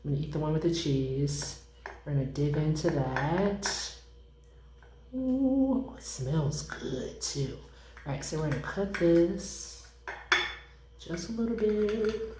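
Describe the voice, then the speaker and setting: Chatty low-voiced woman in echoey kitchen. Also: slow, background noise. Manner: chatty and excitable, addresses viewers as y'all. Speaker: home cooking vlogger. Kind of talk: casual cooking vlog. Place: home kitchen, indoors.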